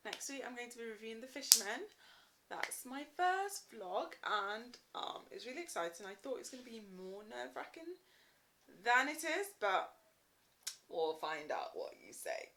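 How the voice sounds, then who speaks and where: Young woman vlogger with a bright voice, chatty and teasing, talking to camera. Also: fairly high pitch, lively intonation, moderate pace. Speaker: book vlogger. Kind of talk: casual vlog to camera.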